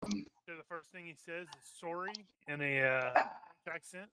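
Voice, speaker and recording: Bright, joking man at the game table. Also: fairly high pitch. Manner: joking, quick to chime in. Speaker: player. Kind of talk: casual tabletop play.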